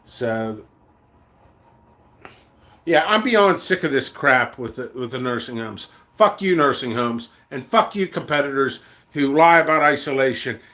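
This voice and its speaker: A man's voice: medium pitch, animated, unhurried, bright, forceful tone. A middle-aged man who sells seeds, ranting angrily in a vlog with a lot of profanity, blunt and rambling. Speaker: seed vendor. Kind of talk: vlog rant to camera.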